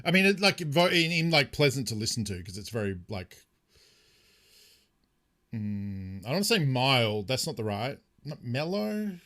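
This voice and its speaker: At a moderate pace and in a mid-range voice, a young Aussie streamer talks loosely with his audience while playing a game. He wanders from topic to topic, responds to chat messages and throws in casual swearing.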